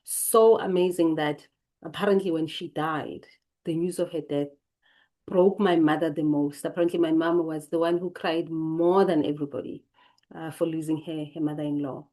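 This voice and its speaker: Mellow, reflective South African woman. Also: sits low, fairly even intonation, moderate pace. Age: late 40s. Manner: thoughtful, digressive, reads lines then comments. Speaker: channel host. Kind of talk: reflective personal storytelling from notes.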